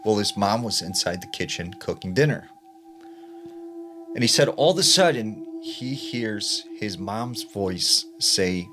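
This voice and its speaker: A man's voice: fairly low pitch, a little slow. A man casually narrating eerie stories, chatty and loose, with a lot of "like" and "you know". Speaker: storyteller. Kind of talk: casual spooky story narration. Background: background music.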